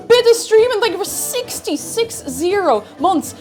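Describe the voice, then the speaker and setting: A woman streaming live, chatting casually and bubbly, loudly greeting her chat and chanting playfully. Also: very high voice, sing-song, a little slow, soft background music.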